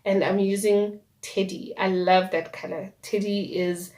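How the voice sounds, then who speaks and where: A woman's voice: mid-range voice, fairly even intonation, unhurried, darkish tone. A young woman with a South African accent, telling her story casually while doing a makeup tutorial, dropping in Sesotho words and playful asides. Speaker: YouTuber.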